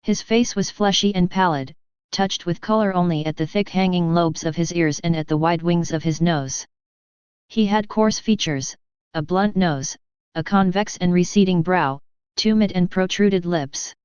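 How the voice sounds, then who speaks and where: A woman reads an audiobook in a measured, steady narration. Her voice is low, with very crisp articulation. The recording is dry and a little muffled. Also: no echo. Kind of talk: scripted narration.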